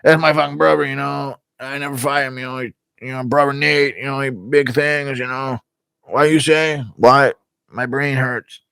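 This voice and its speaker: A man's voice: mid-range voice, steady tone, moderate pace, vocal fry, pushed and bright, clean tone, no room sound, pitched above the performer's own voice. A man impersonating a veteran fighter who mumbles and rambles, filling every gap with "you know". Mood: mumbling. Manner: mumbling, filler-heavy rambling.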